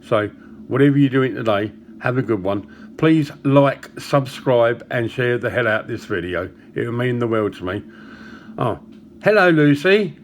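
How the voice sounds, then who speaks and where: A man's voice: mid-range voice, expressive, a little hiss or hum. Chatty man telling a joke. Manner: chatty, storytelling with small pauses and chuckles. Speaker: vlogger. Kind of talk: casual joke-telling to camera.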